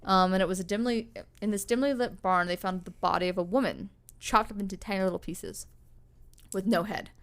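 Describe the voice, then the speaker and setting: A woman's voice: medium pitch, fairly even intonation, fairly quick. A young woman co-hosting a podcast, telling a story in a loose, rambling way, with lots of fillers and casual swearing. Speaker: podcast co-host.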